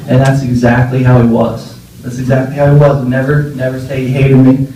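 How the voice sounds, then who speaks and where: A man's voice: medium pitch, little pitch movement, brisk, warm tone. Young man giving a rambling eulogy in a very echoey room. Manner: rambling, fond storytelling with fillers and laughs. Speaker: eulogy speaker. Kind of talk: informal memorial speech. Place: memorial gathering room. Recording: echoey room, voice far from mic, faint noise.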